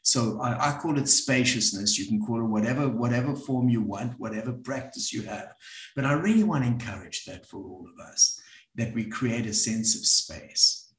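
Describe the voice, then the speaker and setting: An earnest man with a South African accent speaks to a live audience, pausing and restarting as he thinks his way through each point. His voice sits at an ordinary middle pitch. The room around him rings with a noticeable echo. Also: animated. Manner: earnest, with frequent restarts and pauses. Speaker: speaker at a community event. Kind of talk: reflective talk to a live audience.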